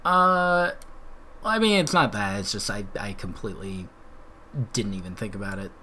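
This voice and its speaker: A man's voice: lowish voice, animated, moderate pace, sharp tone, slight background noise. A man hosting a live stream, chatting casually and rambling with frequent laughs. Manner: laid-back, rambling, laughs often. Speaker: streamer host.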